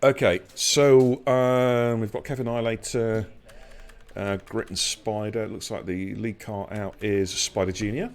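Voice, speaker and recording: A middle-aged man, hosting a live sim racing stream with loud, excitable hype and cheeky banter. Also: on the low side, measured pace, clean tone. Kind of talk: live esports race commentary.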